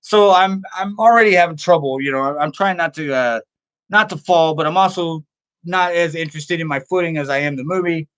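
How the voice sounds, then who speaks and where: A man's voice: a little high, fairly quick, fairly bright tone, clear, resonant tone. A middle-aged man hosting a horror show, telling a rambling story and reading viewer comments in a casual, self-amused way, laughing often.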